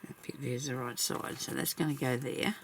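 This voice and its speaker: A woman's voice: extremely low pitch, fairly even intonation, normal speed, a little hiss or hum. A woman vlogging as she crafts, chatting casually and thinking aloud, laughing often at herself.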